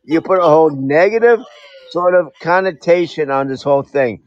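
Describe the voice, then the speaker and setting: A man's voice: a little high, normal speed. A laid-back man bantering in a comedy show, saying "dude" constantly and arguing playfully. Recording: dull dry lo-fi sound.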